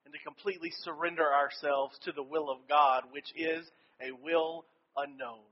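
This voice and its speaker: A man's voice: fairly high pitch, steady tone, normal speed, highs cut off. A male pastor giving a sermon and telling a personal story in an earnest way.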